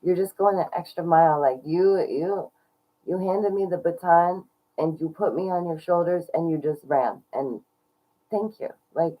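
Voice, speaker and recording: A woman's voice: fairly low pitch, measured pace, lo-fi sound. A woman streamer chatting casually and gushing thanks to her viewers, laughing often. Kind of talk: casual live stream chat.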